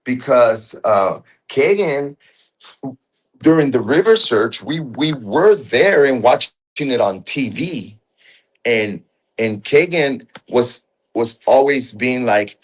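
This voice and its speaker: A man telling a story as a guest in casual conversation, halting and restarting often, with rough, profane speech. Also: mid-range voice, animated.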